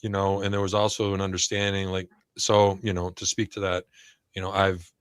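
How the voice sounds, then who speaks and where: A man's voice: sits low, completely flat delivery, brisk, clean tone, no echo, studio quality. A middle-aged man, a guest on a live interview, talking in a laid-back, blunt and playful way. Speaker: guest, studio founder and artist. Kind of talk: casual interview chat.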